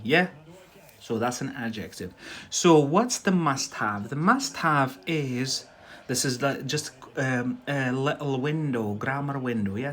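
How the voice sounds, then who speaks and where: A man with an Algerian accent touched by Scottish, teaching English in a relaxed live stream. His voice sits at an ordinary middle pitch. He chats with viewers and keeps checking in with "yeah?" as he explains. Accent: Algerian with some Scottish. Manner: chatty, peppers speech with "yeah?". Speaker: English tutor.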